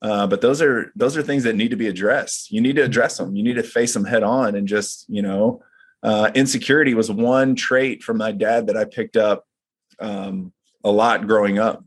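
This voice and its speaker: A man's voice: lowish voice, moderate pace, husky. A man who leads a men's group, talking in casual chat and telling personal stories in an earnest, reflective way.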